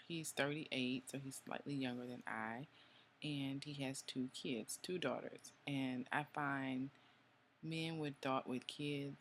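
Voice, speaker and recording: Gravelly-voiced woman telling a story. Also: a bass voice, slight background noise. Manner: chatty and confiding, drawn-out ums. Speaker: vlogger. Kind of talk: casual personal storytelling.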